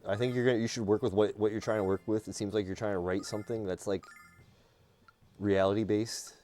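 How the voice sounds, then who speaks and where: A man hosting a live stream, chatting casually and teasing his co-host in an animated, joking way. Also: on the low side, a little fast.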